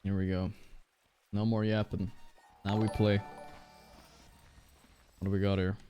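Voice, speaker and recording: A man's voice: fairly low pitch, level tone, unhurried, warm tone, soft background music. A man streaming and reacting to a match, talking loosely with viewers and swearing. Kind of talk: casual stream commentary.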